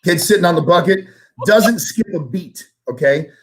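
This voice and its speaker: A man, a guest sales trainer, telling a story in a casual interview, animated and swearing casually as he acts out dialogue. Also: high-pitched, normal speed, a little hiss or hum.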